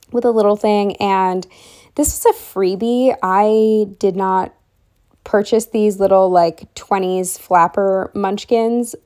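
Chatty young woman, mellow voice. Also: medium pitch. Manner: chatty, rambling, lots of fillers. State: short of breath. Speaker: planner vlogger. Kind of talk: casual planner walkthrough voice-over.

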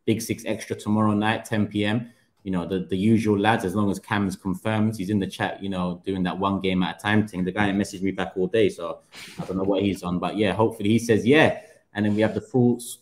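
Lower-voiced London podcast host. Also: male voice, darkish tone. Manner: brisk, keeps the show moving. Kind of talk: hosting a football podcast, reading ads.

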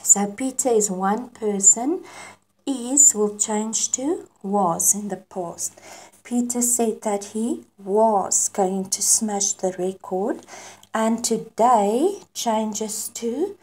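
A woman's voice: mid-range voice, extremely slow, mellow. A woman teacher with a South African accent, giving an online grammar lesson and explaining patiently with example sentences. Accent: South African English. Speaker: English teacher.

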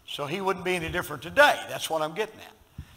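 Man, pastor, southern accent, sermon, slightly high voice, loud-to-hushed delivery. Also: fast, low-quality recording. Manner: dynamic preaching, swings from loud emphasis to hushed storytelling; calls for congregation response.

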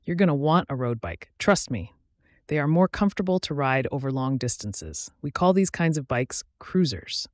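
A man reading the part of a friendly, talkative older motorcycle salesman in a story, with an easy sales-pitch manner. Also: animated, moderate pace, no echo, studio quality, natural voice. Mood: chatty.

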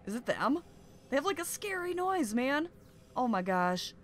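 A young woman hosting a game playthrough, commenting excitedly and often gasping "oh my gosh" at what she finds. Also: high voice, measured pace, slight background noise. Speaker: gaming video host. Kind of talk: excited let's-play commentary.

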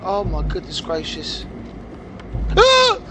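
A gaming host with a very high-pitched, animated voice talks at a moderate pace through a horror let's play. The recording is very noisy and game music runs underneath as he nervously rambles and panics at jump scares.

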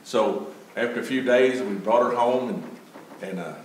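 A man's voice: medium pitch, measured pace, a little hiss or hum. An older man, telling a folksy testimony story as a church speaker. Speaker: Gideons speaker. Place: church sanctuary. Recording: echoey church from far off.

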